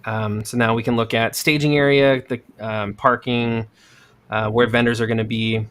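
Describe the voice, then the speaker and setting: A man hosting a podcast in casual chat, relaxed and full of fillers. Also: medium pitch, normal speed, clear, resonant tone. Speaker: podcast host.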